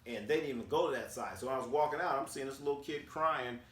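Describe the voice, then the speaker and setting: A man from Oakland in a casual storytelling recap, animated and acting out quotes with slang. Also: mid-range voice, fast talker. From Oakland, California, USA. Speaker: sports vlogger. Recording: roomy sound, distant from the mic.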